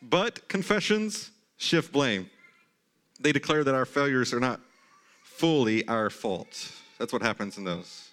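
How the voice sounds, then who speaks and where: A man in his thirties preaching a sermon in a church, talking in a conversational way with animated, mock-incredulous asides. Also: mid-range voice, measured pace. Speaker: pastor. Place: church sanctuary.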